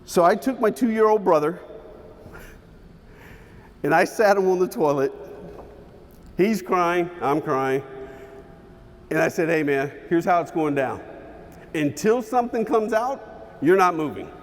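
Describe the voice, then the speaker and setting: A man's voice: sits high, expressive. Man telling a story in a big hall. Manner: dramatic storytelling with pauses and shifts in pace. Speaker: keynote speaker. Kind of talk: motivational keynote storytelling. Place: large hall with an audience.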